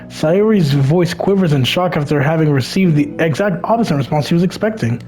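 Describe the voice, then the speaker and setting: A man's voice: fairly high pitch, animated, normal speed, hardly any pauses, darkish tone, faint music behind. A man reading a visual novel aloud for a let's play, stumbling over words and dropping crude asides.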